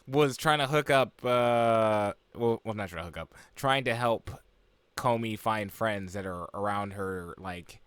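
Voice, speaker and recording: A man's voice: on the low side, unhurried, a bit bright, smooth, no room sound. Rambling young man recapping anime. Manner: rambling, full of fillers and asides. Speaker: anime reviewer.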